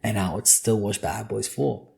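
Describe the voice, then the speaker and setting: A man's voice: on the low side, moderate pace, creaky, mellow. A young man hosting a solo podcast, talking casually in a joking, profane, ranting way. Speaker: podcast host.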